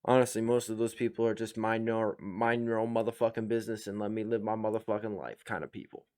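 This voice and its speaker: A man's voice: lowish voice, steady tone, fast, darkish tone. A man hosting a reaction video, talking bluntly and with lots of profanity in casual commentary.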